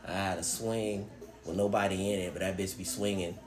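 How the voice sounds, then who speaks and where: Profane animated man in an echoey room. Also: low voice, fairly quick, music in the background. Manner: profane, animated storyteller who acts out quotes. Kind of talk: casual chat.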